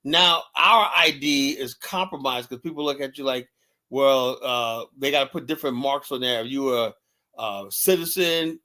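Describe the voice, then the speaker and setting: A man's voice: medium pitch, normal speed, pushed and bright. A man, a podcast host, chatting casually and telling anecdotes, often checking in with "right?". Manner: storytelling, repeats "right?" often. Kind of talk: casual chat.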